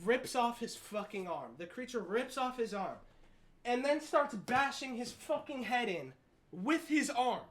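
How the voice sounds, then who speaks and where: A young man giving a casual movie review vlog, retelling the plot in an excitable, profane, rambling way. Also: extremely high pitch, unhurried.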